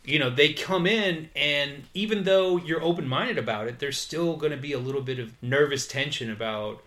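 A man co-hosting a podcast, reviewing a film in relaxed chat full of fillers and acted-out quotes. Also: mid-range voice, moderate pace. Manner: relaxed, uses many fillers, acts out quotes. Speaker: podcast co-host.

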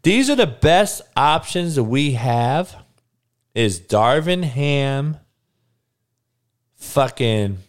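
A man's voice: medium pitch, sing-song, drawn-out words, long pauses. A man hosting a sports podcast, ranting bluntly and profanely while talking back to his live chat. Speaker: podcast host. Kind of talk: casual sports rant.

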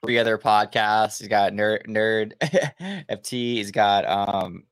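A man's voice: fairly low pitch, slow pace, smooth, no room sound. A man from Louisiana with a faint Southern country accent, co-hosting a podcast in rambling casual chat full of fillers. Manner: rambling, filler-heavy, laughs at own stories. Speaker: podcast co-host.

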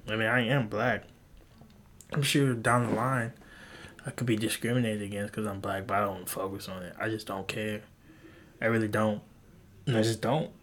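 In a loose, rambling solo podcast segment, a young adult male host curses freely and his pitch shoots up when he's incredulous. A little hiss or hum sits under the recording.

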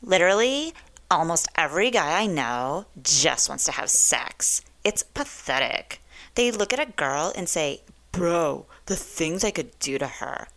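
A woman's voice: low voice, big pitch swings, a little slow, a bit bright, full character voice. A woman voicing a gushing young Valley Girl with a sing-song, preachy delivery. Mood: mock-earnest.

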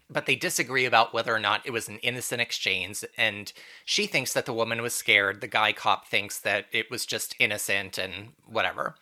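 Bright-voiced man recapping with wry jokes. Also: mid-range voice. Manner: wry, joking recap with bursts of laughter. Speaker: podcast host recapping a TV episode. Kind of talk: casual chat.

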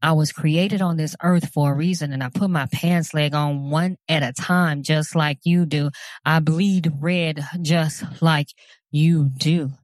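A woman's voice: low voice, fairly even intonation, measured pace, dry recording. A woman giving an impassioned personal address, speaking earnestly and emphatically and repeating phrases for stress.

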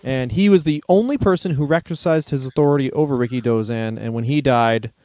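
A man's voice: mid-range voice, brisk, dark tone, no echo. A man co-hosting a comedy podcast, telling stories in casual chat and laughing often. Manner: storytelling, reads out history passages, laughs often.

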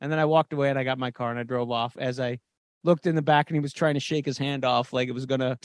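A man's voice: mid-range voice, steady tone, fast talker, smooth, no room sound, studio quality. A man co-hosting a podcast, telling a story in casual chat and swearing freely. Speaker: podcast co-host.

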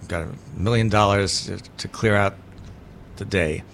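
A man's voice: fairly low pitch, normal speed, vocal fry, a bit bright, a little hiss or hum. A man guesting on a podcast, chatting casually in a campy, theatrical way, calling people honey and darling. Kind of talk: casual interview chat.

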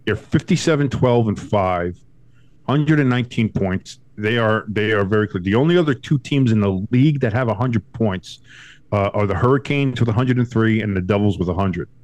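Profane, animated sports podcast man. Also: moderate pace, no echo. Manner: animated, profane, mocks others in high put-on voices. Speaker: podcast co-host. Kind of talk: casual sports chat. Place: home.

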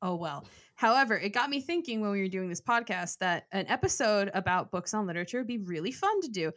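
A woman's voice: mid-range voice, very animated, quick pace, a bit bright. A young woman in her twenties co-hosting a podcast, chatty and self-mocking, laughing often. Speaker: podcast co-host. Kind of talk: casual chat.

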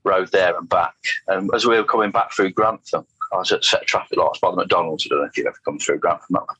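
A man's voice: sits low, steady tone, fast talker, sharp tone, breathy edge, dry recording, rough recording. A middle-aged man, telling his story as an interview guest in a rambling way. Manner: rambling, anecdotal, frequent restarts and fillers. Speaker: guest, motorcycle test rider.

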